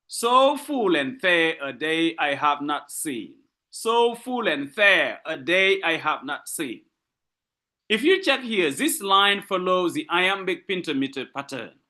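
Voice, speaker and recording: Guy teaching literature live, west african french accent, bouncy pitch, keeps asking what does it mean. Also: bright, forceful tone. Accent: French-speaking West African. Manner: explains patiently with repeated rhetorical questions; switches between French and English. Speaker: literature lecturer. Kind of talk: live online lecture.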